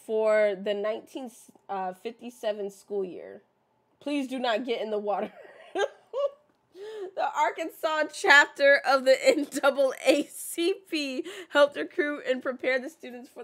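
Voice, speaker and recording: A woman's voice: fairly high pitch, fairly bright tone. A woman streamer chatting casually while playing and reading signs aloud, often stumbling and restarting mid-sentence.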